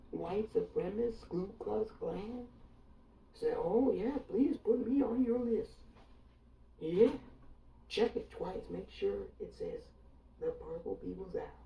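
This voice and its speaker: A woman's voice: medium pitch, gravelly, roomy sound, recorded from a distance, dull audio. A woman from Alabama giving an emphatic, sarcastic and defiant monologue, repeating her points for effect. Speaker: online commentator.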